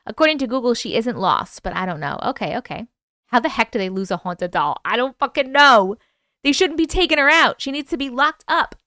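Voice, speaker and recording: A woman's voice: fairly high pitch, animated, fairly quick, sharp tone, dry recording, clean studio sound. A woman hosting a casual livestream, chatting loosely, swearing freely and greeting and thanking viewers by name. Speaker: livestream host.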